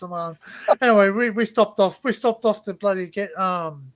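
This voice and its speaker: Aussie bloke hosting a live chat, fairly high voice, rambles and laughs a lot. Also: male voice, moderate pace. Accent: Australian. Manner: rambling, laughing, repeats himself. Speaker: host. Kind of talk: casual panel chat on a livestream. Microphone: video call.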